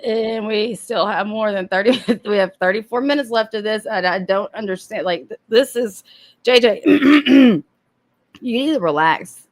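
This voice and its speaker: A woman's voice: mid-range voice, moderate pace, few pauses. A woman hosting a livestream, teasing and mocking with frequent laughs. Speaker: livestream host. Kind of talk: livestream commentary.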